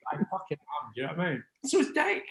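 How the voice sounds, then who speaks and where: Amid a loud crowd in an echoey room, a Scottish record label founder in his sixties gives a rambling, sweary interview, always tacking on "do you know what I mean." He talks fast in a fairly high voice with huge pitch swings.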